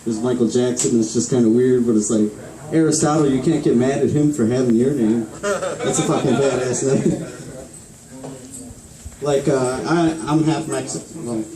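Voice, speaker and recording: Speaking at a normal pace in a mid-range voice, this stand-up comedian in his twenties rambles through a profane open-mic set at a small bar and laughs at his own material. The audio is echoey and far-miked, with the audience's laughter in the background.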